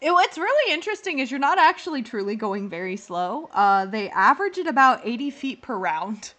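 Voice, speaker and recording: Bright-voiced woman running a tabletop game. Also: fairly high pitch, very animated, fairly quick. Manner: rambling with fillers, amused. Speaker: dungeon master. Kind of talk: narrating a live tabletop game.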